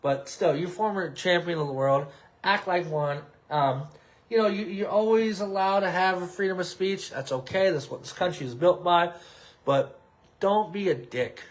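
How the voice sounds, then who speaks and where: A man's voice: sits high, moderate pace. Ranting, profane podcast man. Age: 30s. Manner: heated, rambling, profane, with many restarts. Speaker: podcast host. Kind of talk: casual opinion rant. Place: his apartment.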